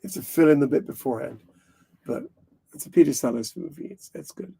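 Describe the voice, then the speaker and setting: A man's voice: on the high side, expressive, fast talker, creaky, mellow, breathy edge. A man hosting a live stream, talking casually and rambling frankly, swearing now and then.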